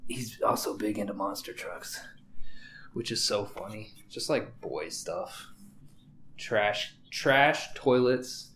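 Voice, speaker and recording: A man's voice: on the low side, takes it slowly, a bit bright, a little hiss or hum. A man hosting a podcast, telling casual stories in a rambling, profane way. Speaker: podcast host.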